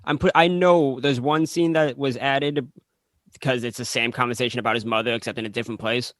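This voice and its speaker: A man's voice: medium pitch, fairly even intonation, fairly quick, a bit bright, no echo. Young guy on a film podcast, mid voice, dry sound, laid back. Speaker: podcast co-host. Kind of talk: casual film review chat.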